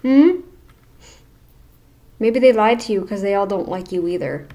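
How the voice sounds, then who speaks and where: A woman's voice: medium pitch, fairly quick, warm tone. A woman hosting a reaction channel, talking back at a video with blunt, sarcastic commentary.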